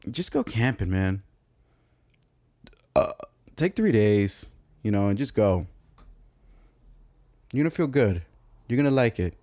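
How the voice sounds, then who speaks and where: Young ny guy on his podcast, low mellow voice, dry close sound, swears a lot. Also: no room sound. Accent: New York. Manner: profane, animated, laughs a lot. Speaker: podcast host. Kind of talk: casual storytelling monologue.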